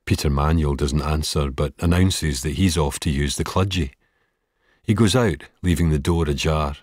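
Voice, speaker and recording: A man narrates an audiobook in a very deep, husky voice. He reads slowly and steadily, recorded close and dry. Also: darkish tone, no echo.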